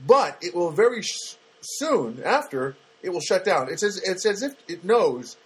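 A man's voice: high voice, sing-song, a little slow, breathy edge. A man hosting a podcast, a comedian rambling through everyday grievances with a wry, self-mocking manner. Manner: rambling, self-deprecating, many fillers and restarts. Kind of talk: rambling comic monologue.

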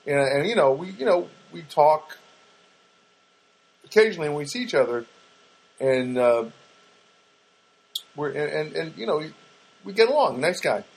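A man's voice: on the high side, expressive, normal speed, creaky, pauses often, slightly rough, poor audio. A man hosting a podcast, telling a rambling casual story with many fillers and restarts, talking straight to his listeners. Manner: chatty, addresses listeners directly. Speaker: podcast host.

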